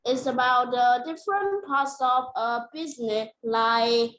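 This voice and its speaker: A woman student reads her answer in an online English class, slowly and with care. Her voice sits high, and the call picks up an echoey room with faint background noise. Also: fairly bright tone.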